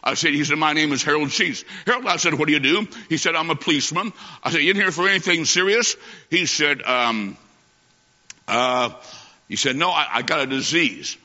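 A man's voice: on the high side, sharp tone. Folksy preacher man in an echoey hall. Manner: folksy, emphatic, speeds up and slows for stress. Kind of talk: evangelistic sermon with storytelling. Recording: dull echoey hall recording.

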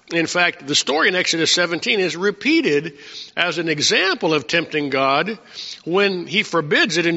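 A man's voice: on the high side, vocal fry, sharp tone. A man preaching a Bible-study sermon in a conversational way, asking the congregation questions as he goes. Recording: muffled sound with long hall reverb.

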